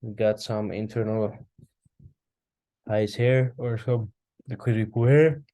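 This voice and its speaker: Unhurried and flat, this fairly low, dark voice belongs to a forex trader going over his charts in a casual screen-share recap. He thinks out loud, yawns at times, and the desk-mic recording has no echo.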